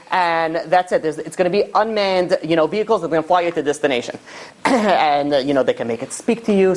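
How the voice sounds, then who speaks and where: A man, a rabbi, teaching a class in an animated, joking storytelling style. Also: sits high. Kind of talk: lively lecture with acted stories.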